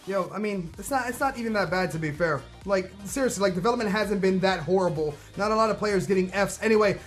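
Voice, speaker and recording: A young man hosting a let's-play of a football video game, reacting loudly and excitably to the match and chatting casually. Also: high-pitched. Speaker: gaming video host.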